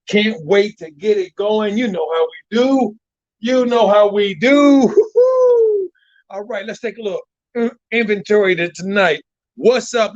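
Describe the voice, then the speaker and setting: A man hosting a live stream, excitable, shouting out viewers and repeating his phrases. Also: high voice, no echo, muffled recording. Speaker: livestream host. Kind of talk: hyped live stream chat.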